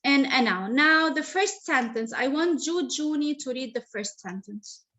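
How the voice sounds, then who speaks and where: A woman with a teaching an online grammar lesson over a video call, slow and patient, repeating explanations. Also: sits high, expressive, pushed and bright, highs cut off. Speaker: English teacher.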